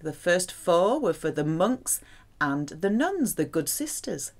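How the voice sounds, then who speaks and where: A French woman teaching vocabulary, pronouncing each word slowly and carefully. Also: on the low side, big pitch swings. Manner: slow, careful pronunciation drills. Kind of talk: vocabulary lesson.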